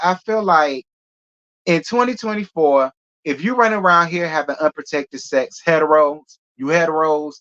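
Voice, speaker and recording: Brief: opinionated gossip host, loose and rambling, mid pitch, lo-fi recording. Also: fairly bright tone. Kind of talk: casual gossip commentary.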